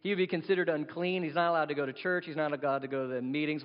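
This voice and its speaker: Male pastor, slightly high voice, blunt and chatty sermon delivery, long hall reverb. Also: steady tone, racing. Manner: conversational, blunt, asks the audience questions. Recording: dull sound in a reverberant hall.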